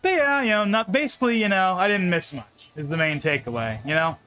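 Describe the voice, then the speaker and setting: A man's voice: high voice, brisk, sharp tone, soft background music. A young man chatting casually on a live stream while playing a game, rambling, laughing often and repeating words.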